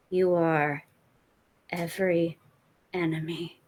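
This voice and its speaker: A woman playing a tabletop game, speaking slowly in a hushed, menacing way with some words whispered. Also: on the low side, fairly even intonation. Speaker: player. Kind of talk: in-character villain message, then table chat.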